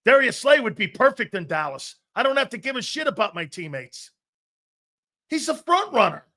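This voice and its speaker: A man's voice: very high-pitched, very animated, normal speed, pushed and bright. A man ranting in a heated, profane sports commentary, emphatic and fired up.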